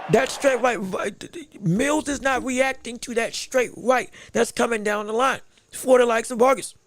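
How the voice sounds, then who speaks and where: A man hosting a live podcast, giving rapid round-by-round boxing commentary with excited outbursts. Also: very high-pitched, no room sound, studio quality. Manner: rapid play-by-play, excited outbursts, talks to the chat. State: hiccups.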